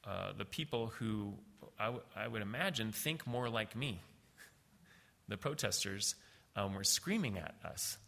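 Middle-aged man, gravelly and bright, halting storyteller with a long hall echo. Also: lowish voice. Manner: halting, many fillers and restarts. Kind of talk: personal storytelling.

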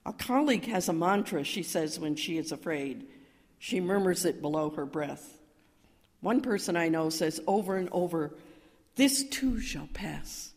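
An older woman minister telling a story in a sermon, calm and measured, rising to emphatic cries. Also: on the low side. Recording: reverberant hall.

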